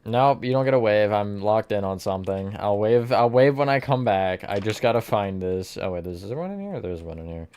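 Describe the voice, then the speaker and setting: A man's voice: lowish voice, expressive, a little fast, hardly any pauses, a little mellow, clean tone. A man streaming live, chatting casually with his viewers while he builds, often laughing at his own slips. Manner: chatty, self-mocking, answers chat mid-task.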